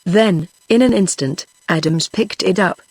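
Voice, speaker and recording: A text-to-speech voice of a woman with a British accent, reading a classic short story in an even, steady way. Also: fairly low pitch, measured pace, slightly rough, no echo. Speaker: narrator.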